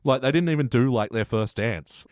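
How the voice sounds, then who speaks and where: A man hosting a casual podcast chat, talkative and quick to laugh, often acting out quoted lines. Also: medium pitch, a little mellow, dry recording, clean studio sound. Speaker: podcast host.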